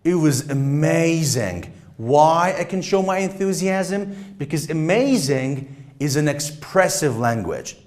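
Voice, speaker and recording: Slow, animated male English teacher. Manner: emphatic, deliberate, demonstrates rises and falls in pitch. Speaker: English test-prep teacher. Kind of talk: instructional lesson.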